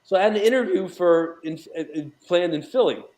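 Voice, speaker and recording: A man's voice: high voice, expressive, moderate pace, darkish tone. A man speaking as a guest in a casual interview, from New York, rambling with many fillers and restarts. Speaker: guest, documentary associate producer.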